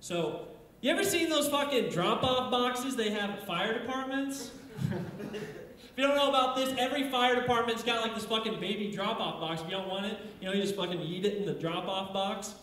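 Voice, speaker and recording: A man's voice: high-pitched, normal speed. A man doing a crude, rambling stand-up set at an open mic night, talking into a handheld stage mic on a bar stage. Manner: crude, rambling, deadpan delivery. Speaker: stand-up comedian. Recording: very echoey bar room.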